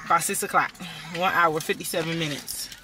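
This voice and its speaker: A woman's voice: sits low, moderate pace, noisy background. A woman filming a casual family vlog, chatty and laughing often, talking to her viewers from the car. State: out of breath. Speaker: vlogger. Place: car on the road.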